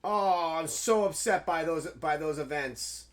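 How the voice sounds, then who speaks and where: A man commentating his own gameplay live, excitable and swearing at the game, then talking softly to his pet. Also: a little high, measured pace. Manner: soft baby talk to a pet. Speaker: game streamer.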